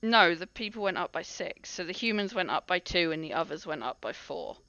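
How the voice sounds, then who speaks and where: A woman narrating a tabletop game as game master, describing scenes in a relaxed way with many fillers. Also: fairly low pitch, brisk, dry recording. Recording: muffled dry recording.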